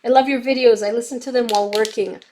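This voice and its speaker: A woman's voice: a little high, steady tone, quick pace, a little mellow, a little hiss or hum. A young adult woman casually chatting on a craft livestream, reading viewer comments while testing markers, with a slight cough from bronchitis. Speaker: craft YouTuber reading live chat.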